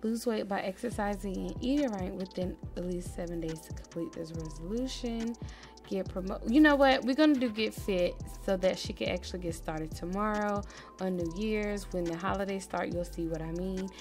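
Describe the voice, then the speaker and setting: A woman hosts a relaxed let's-play and talks straight to her viewers. Her voice sits at an ordinary middle pitch, drops to a low murmur over the menus and jumps to excited squeals. Soft game music plays faintly underneath. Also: normal speed. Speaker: gaming channel host. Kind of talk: casual let's-play commentary.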